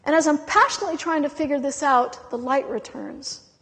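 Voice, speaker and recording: A woman's voice: high-pitched, fairly bright tone. Emotional woman speaker in a reverberant hall. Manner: intense, dramatic, with long pauses between words. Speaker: spiritual speaker. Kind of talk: impassioned spiritual talk to a live audience.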